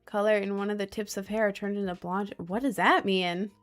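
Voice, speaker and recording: A woman's voice: mid-range voice, steady tone, moderate pace, faint music behind. Joking young American woman streamer. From United States. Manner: joking, sarcastic, laughs often. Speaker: live streamer. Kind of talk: casual live-stream chat, reading chat.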